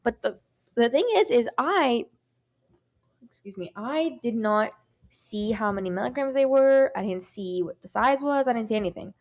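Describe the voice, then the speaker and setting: A woman's voice: a little high, normal speed. A young adult woman co-hosting a podcast, telling a story in casual chat, cursing freely and acting out what everyone said. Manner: animated, profane, acts out quoted voices. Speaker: podcast co-host.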